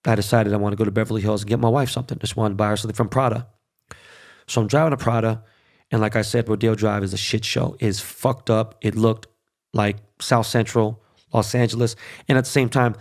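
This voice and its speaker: Gravelly, profane man telling a story. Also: fairly low pitch, darkish tone. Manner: profane, emphatic, conversational. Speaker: podcast host. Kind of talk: casual storytelling monologue.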